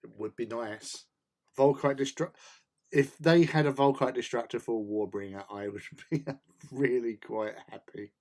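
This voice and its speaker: A relaxed man talks his way through a model-building stream, greeting viewers by name and joking with them. His voice is mellow and dark, and he chats at an easy, middling pitch. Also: normal speed. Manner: chatty, reads out and answers chat, jokey asides. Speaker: hobby stream host. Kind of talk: casual chat while building models.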